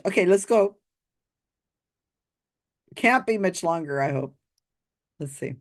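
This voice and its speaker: Skeptic host, woman, low-pitched, slow, sarcastic commentary. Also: animated. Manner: sarcastic, mocking, with bursts of laughter. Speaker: host reviewing a psychic reading.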